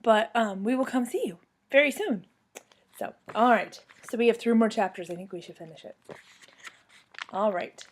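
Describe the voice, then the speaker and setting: A young woman reading a children's book aloud at home on her couch, telling the story to a former student with lively expression. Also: on the high side, normal speed, pauses often, slight background noise.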